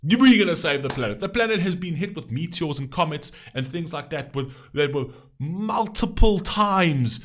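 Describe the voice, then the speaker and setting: A man's voice: a little high, brisk, few pauses. A man hosting a reaction video, ranting passionately about the topics the music raises. He swears often and keeps asking rhetorical questions.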